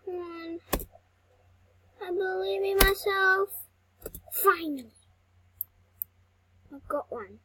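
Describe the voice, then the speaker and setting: A young girl giving excitable, easily frustrated commentary while playing an online race game, cheering herself on between outbursts. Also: very high voice, slow, pauses often, slight background noise. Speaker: gaming channel host. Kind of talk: gameplay commentary.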